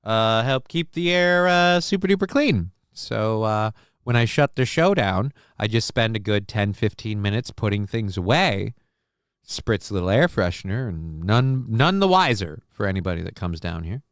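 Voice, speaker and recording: Sniffing and sneezing through a sinus infection, this dad of a six-year-old rambles through crude jokes while hosting a casual live stream. He sits in his home basement with a desk mic close to his face. The voice is on the low side, expressive and clear, with a resonant tone, a moderate pace and no echo.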